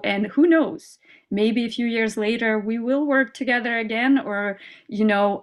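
A woman speaking as an interview guest in a casual, heartfelt conversation, earnest and upbeat, with many fillers and small laughs. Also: fairly high pitch. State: mother.

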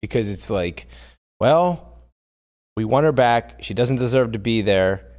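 A man's voice: mid-range voice, animated, unhurried, a little mellow. A male co-host in casual chat, hesitant and thinking aloud as he talks.

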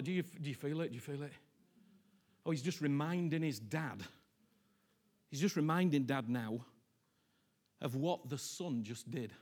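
A man preaching a sermon, impassioned, repeating phrases and swinging from hushed near-whispers to loud pleas. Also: fairly high pitch, a little slow, pauses often.

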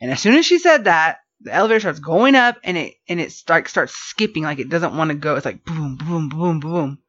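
Fast-talking woman telling a story. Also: deep voice, breathy edge. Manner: animated, rambling, lots of fillers. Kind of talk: casual storytelling chat. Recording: dull lo-fi podcast audio.

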